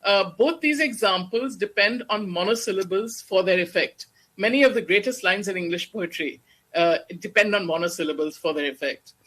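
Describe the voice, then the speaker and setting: Bright and clear-edged in tone, with an even mid-range pitch, the speaker is a guest lecturer on Shakespeare. The delivery is measured and explanatory, in the style of an academic lecture to an audience, and it slows for recited verse.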